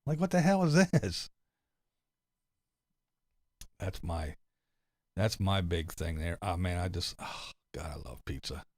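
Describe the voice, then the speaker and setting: A middle-aged man from the States with a lowish voice chats loosely on a livestream, laughing often and cursing freely as he rambles. The sound is close and dry. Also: animated, normal speed, darkish tone, no echo. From United States. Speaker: livestream host reading chat. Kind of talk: casual chat.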